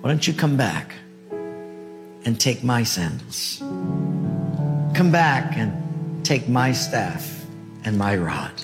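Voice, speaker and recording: A man voicing God as a calm, fatherly male figure who patiently repeats short commands. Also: medium pitch, normal speed, big-room sound, loud music behind the voice, close to an everyday voice. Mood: tender.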